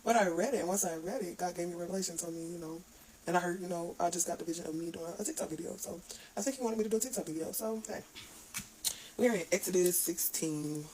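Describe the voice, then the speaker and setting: A woman's voice: on the low side, darkish tone, slight background noise, rough recording. A woman giving an earnest, informal devotional talk, with restarts and stumbles over her words. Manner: reads scripture aloud haltingly. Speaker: online devotional speaker.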